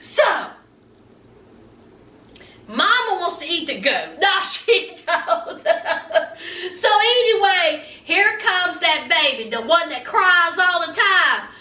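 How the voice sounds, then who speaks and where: A woman's voice: very high voice, sing-song, takes it slowly, pauses often, bright, forceful tone, far from the mic. A woman giving a sassy, laughing recap of a TV show, calling her viewers honey. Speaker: recap vlogger. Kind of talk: casual TV recap commentary. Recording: echoey room, voice away from mic.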